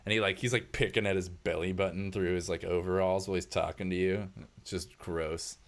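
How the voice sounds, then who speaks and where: A man with a lowish voice narrating a tabletop game as game master. He talks loosely and casually, with plenty of fillers. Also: flat delivery, brisk.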